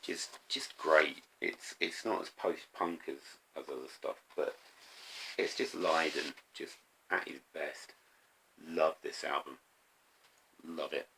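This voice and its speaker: A middle-aged man talking casually to camera about his favourite records, eager but halting, with many pauses and ums. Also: very deep voice, steady tone, gravelly, sharp tone, husky. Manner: enthusiastic, halting with frequent ums. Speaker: vinyl record collector vlogger.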